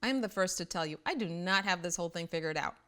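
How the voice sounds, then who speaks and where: A middle-aged woman hosting a parenting show, talking casually and bluntly straight to the camera, quick to poke fun at herself. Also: lowish voice, animated, bright, forceful tone. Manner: blunt, self-deprecating, chatty. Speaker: parenting host.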